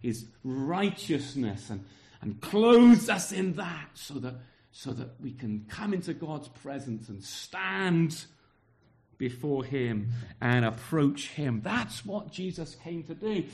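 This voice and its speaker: A man preaching a sermon in a fairly high voice. He speaks earnestly and with emphasis, doubling back on words as he presses each point home. Parts of his talk are aimed at the children in the congregation. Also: very animated, slow, darkish tone.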